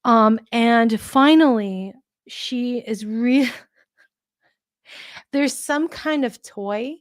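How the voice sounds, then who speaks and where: A woman giving a live pet mediumship reading, gentle and reassuring, with many fillers and restarts. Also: a little high, extremely slow, dry recording, studio quality. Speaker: tarot reader and pet medium.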